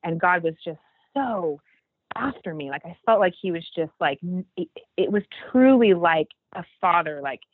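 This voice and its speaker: A woman guest telling a faith story in casual talk, acting out the quoted lines with animated jumps in her voice. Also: normal speed, slightly rough, no echo. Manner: animated, acts out quoted dialogue with big pitch jumps. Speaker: podcast guest. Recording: dry, tinny phone-like line.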